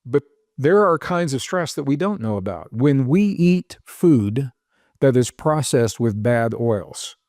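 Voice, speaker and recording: A man's voice: mid-range voice, animated, slow, darkish tone, no room sound, studio quality. A man who is the guest on a podcast interview, explaining ideas in an earnest, step-by-step way and listing example after example. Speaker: author and researcher guest.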